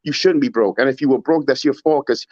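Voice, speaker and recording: A man's voice: medium pitch, fast talker, a little mellow, dry recording. Man, opinionated casual talk, emphatic, muffled lo-fi sound. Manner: emphatic, rhetorical, mimics others in raised voice. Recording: dull muffled audio.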